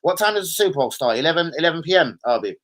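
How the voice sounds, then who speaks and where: A man's voice: on the high side, expressive, very fast, fairly bright tone. A man hosting a football live stream, rambling casually, swearing and bantering with his viewers.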